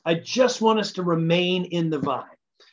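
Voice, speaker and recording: A man preaching a casual midweek sermon as a minister, telling stories in an animated, joking way. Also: high-pitched, normal speed. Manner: casual, animated storytelling with jokes. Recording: slightly dull lo-fi sound.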